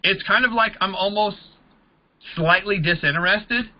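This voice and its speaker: A casual man gives a training talk to a group of network marketing recruiters, voicing both sides of the conversations he walks through. His voice sits high for a man and is a little slow, and the recording sounds a bit dull and lo-fi.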